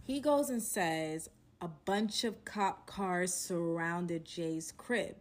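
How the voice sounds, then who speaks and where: A young adult woman casually narrating a personal story to her viewers, animated and chatty, calling them "y'all" and leaning on "like". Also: lowish voice, slow pace. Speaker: storytelling vlogger.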